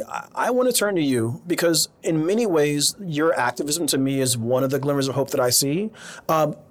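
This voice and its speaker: A man hosting a discussion, thoughtful and searching for his words as he asks a guest a question. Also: a little high. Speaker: host. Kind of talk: moderating a discussion.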